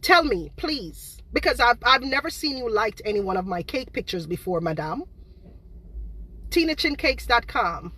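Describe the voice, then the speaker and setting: A woman's voice: medium pitch, lively intonation, normal speed, a bit bright, breathy edge. A woman, a home baker, ranting to her viewers on a live stream, exasperated and repeating herself. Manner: exasperated, repetitive, talks straight to viewers. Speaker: home baker and online seller.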